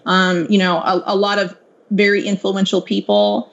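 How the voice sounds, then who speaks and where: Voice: medium pitch, little pitch movement, normal speed, gravelly. A podcast guest explaining at length in casual chat, with a lecturing manner and frequent filler words. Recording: dull lo-fi audio.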